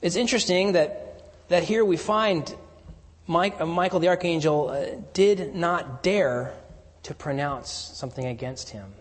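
A man preaching a sermon, moving from emphatic lines to hushed, near-whispered stresses. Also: a little high, unhurried. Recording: long hall reverb.

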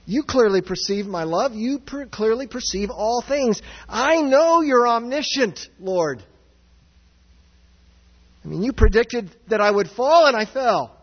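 A man preaching a sermon as pastor, earnest and searching, swinging from raised, near-shouted passages down to low, quiet ones. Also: lively intonation, measured pace, husky. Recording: dull sound with long hall reverb.

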